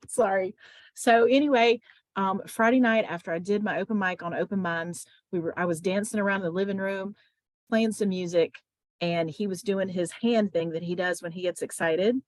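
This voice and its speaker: A woman on a video call at an open mic, telling a personal story with many pauses, then reading her spoken-word poem. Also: mid-range voice, no echo. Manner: halting with fillers, gets emotional.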